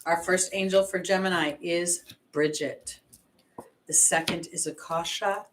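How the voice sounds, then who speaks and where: A woman's voice: lowish voice, fairly even intonation, a little slow, slight background noise. A woman, an intuitive astrologer, giving a casual oracle card reading and chatting expressively straight to her viewers.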